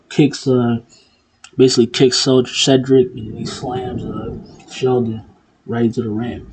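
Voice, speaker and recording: A man recaps a wrestling event in loose, chatty talk, breaking into laughter over and over and swearing freely. His voice sits at an ordinary middle pitch, and a faint noise hangs under the recording. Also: poor audio. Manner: animated, laughing often, profane, many fillers. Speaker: wrestling commentator vlogger.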